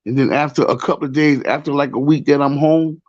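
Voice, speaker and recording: New york guy rambling through a story, kinda high voice, muffled lo-fi audio. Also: fairly even intonation, brisk, darkish tone. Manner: rambling, repeats "you know what I'm saying". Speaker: show host. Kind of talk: casual storytelling monologue.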